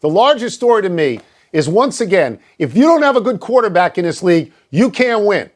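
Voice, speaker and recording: A man's voice: sits high, big pitch swings, fairly quick. An older man co-hosting a sports talk show, arguing his points bluntly and emphatically, with a self-mocking streak. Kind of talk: sports debate.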